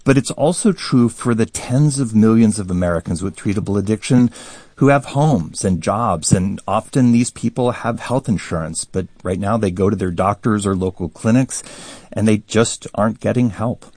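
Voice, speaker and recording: A man's voice: on the low side, moderate pace, a little mellow, no room sound. A man speaking as a news correspondent, explaining his reporting steadily in a radio interview.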